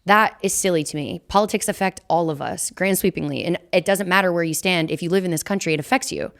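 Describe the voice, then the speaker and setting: A woman's voice: on the low side, gravelly. Outspoken young woman podcast co-host. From United States. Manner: animated, outspoken, quick to act out quotes. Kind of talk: casual chat.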